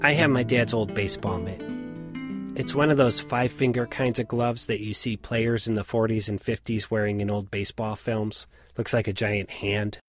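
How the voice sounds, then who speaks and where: A man in his late forties reading a reflective personal story in a measured, scripted narration. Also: on the low side, steady tone, music in the background. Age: late 40s.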